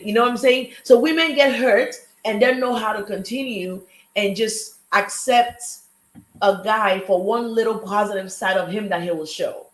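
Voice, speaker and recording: A woman hosting a relationship talk show, telling stories with lively energy and acting out the people she talks about. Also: mid-range voice, moderate pace, echoey room, rough recording. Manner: animated storytelling, acts out callers' lines. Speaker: podcast host. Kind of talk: casual chat.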